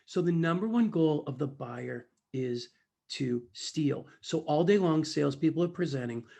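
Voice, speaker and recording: A male sales trainer tells stories in an animated keynote style, talking straight to his listeners. His voice is somewhat high for a man and has a gravelly, crackly texture. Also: moderate pace. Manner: animated, acts out dialogue, addresses listeners directly. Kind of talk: storytelling keynote talk.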